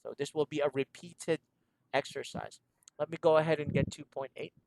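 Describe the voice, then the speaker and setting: A man's voice: a little high, fairly quick, creaky, noisy background. A man teaching a one-on-one English lesson over a video call, patiently repeating instructions and laughing often. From Philippines.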